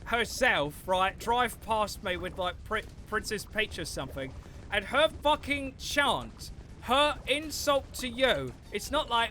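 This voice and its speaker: Young male streamer, casual rambling chat with swearing, fairly high voice. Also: sing-song, a little slow, bright, forceful tone, slight background noise. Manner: rambling, swears freely, reads chat aloud. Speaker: livestreamer.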